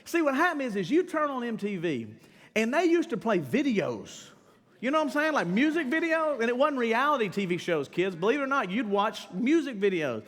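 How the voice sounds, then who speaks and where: High-voiced, animated male pastor in a hall. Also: fairly quick. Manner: animated, slangy, addresses the crowd, bursts into shouts. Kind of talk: casual, humorous sermon. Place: church sanctuary during a live service. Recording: long church-hall reverb with faint music behind.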